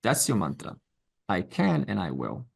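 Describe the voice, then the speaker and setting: A man's voice: lowish voice, huge pitch swings, moderate pace, gravelly, breathy edge. A middle-aged man teaching a Vedanta class online, speaking conversationally and encouragingly, with asides and quoted voices. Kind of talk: informal lecture to an online class.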